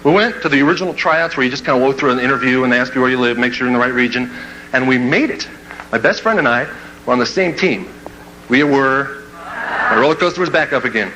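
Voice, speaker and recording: Speaking quickly at medium pitch, this man entertains an audience as a motivational speaker with a humorous personal anecdote. He acts out the quoted voices energetically and laughs along with himself. The sound is lo-fi with plenty of background noise.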